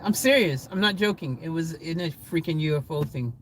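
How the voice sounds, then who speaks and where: Rambling, excitable male livestreamer. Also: fairly high pitch, a little fast, slight background noise, low-quality recording. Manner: rambling, excitable, often laughing. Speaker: livestream vlogger reading chat. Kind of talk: casual livestream chat.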